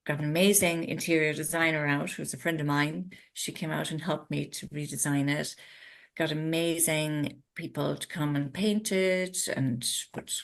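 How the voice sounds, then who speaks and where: Low-voiced Irish woman telling stories. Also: normal speed, vocal fry. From Ireland. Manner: animated storyteller who acts out her own past thoughts. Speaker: interview guest, retreat owner. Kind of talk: casual conversational interview.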